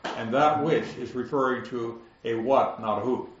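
A man teaching the Bible verse by verse, explaining the text and slowing down to stress key words. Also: mid-range voice, a little hiss or hum. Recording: roomy, slightly dull recording.

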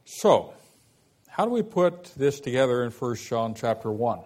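A man teaching a Bible study lesson, explaining a passage slowly and asking rhetorical questions as he goes. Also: mid-range voice, very animated, a little mellow.

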